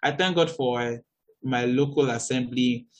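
A young man with a Nigerian accent, preaching a sermon in an earnest, animated way that jumps to high exclamations. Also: measured pace. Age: young adult.

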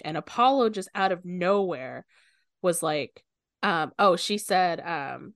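A woman's voice: on the low side, slow pace, dry recording, clean studio sound. A woman co-hosting a book podcast, casually retelling the plot and quoting characters as she goes. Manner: animated retelling, quoting characters with bursts of swearing. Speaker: podcast co-host.

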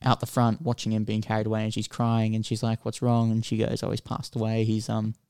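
Man, podcast co-host, casual rambling film chat, smooth clear voice, dry close sound. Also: on the low side, fairly quick, no room sound. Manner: rambling, animated storytelling with filler words.

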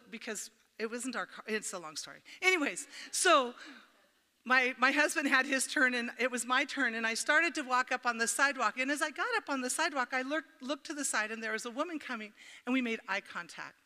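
Speaking at a church gathering, a middle-aged woman with a fairly high, sharp voice gives a chatty devotional talk. She's funny, draws on personal stories and addresses listeners directly, and the hall she's recorded in is reverberant.

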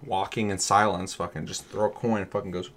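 A man with a lowish voice in loose, casual conversation. He talks with lively energy, swears often and drops into quick mock voices as he tells his stories. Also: slight background noise. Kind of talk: casual chat.

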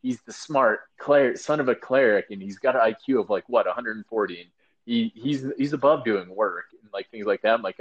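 A man's voice: fairly low pitch, brisk, muffled recording. A man co-hosting a casual chat, rambling with many fillers and acting out quotes. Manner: rambling, lots of fillers and acted-out quotes, laughing. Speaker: podcast co-host.

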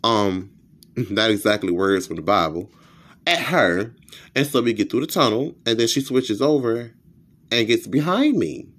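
Lively ranting man, swooping voice. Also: a little slow, pauses often. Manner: animated, profane storytelling with sudden pitch jumps. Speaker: podcast host. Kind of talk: comedic rant.

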